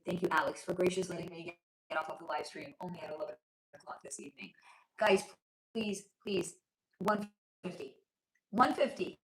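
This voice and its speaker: Hoarse-voiced woman hosting a livestream. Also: lowish voice, fairly even intonation, fast, roomy sound, rough recording. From lives in Los Angeles. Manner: chatty, affectionate, reads chat aloud. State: losing her voice, sore throat. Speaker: livestream host, spiritual reader. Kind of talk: casual livestream chat with viewers. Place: home room.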